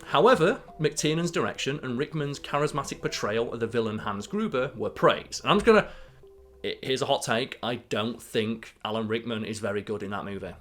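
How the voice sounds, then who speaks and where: A man's voice: mid-range voice, a little fast, a bit bright, faint music behind. Blunt, sweary man talking films. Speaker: podcast co-host. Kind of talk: casual film chat.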